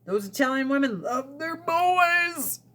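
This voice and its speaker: A woman's voice: sits high, animated, a little slow, fairly bright tone. A woman in casual livestream chat, blunt and profane, often laughing, talking into a phone. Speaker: livestream host.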